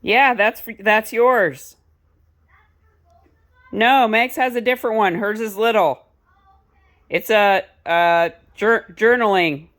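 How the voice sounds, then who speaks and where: A woman's voice: mid-range voice, takes it slowly, long pauses, a bit bright, dry recording. A middle-aged woman chatting casually and rambling through a home vlog. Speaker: vlogger. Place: home, indoors. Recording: noisy home recording.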